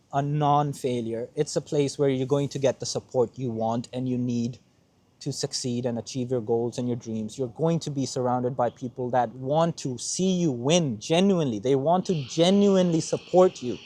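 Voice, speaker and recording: A man's voice: mid-range voice, normal speed, warm tone. A young man hosting a motivational podcast, speaking earnestly in a heartfelt monologue and repeating his points for emphasis. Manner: earnest, repeats himself for emphasis, close to tears at times.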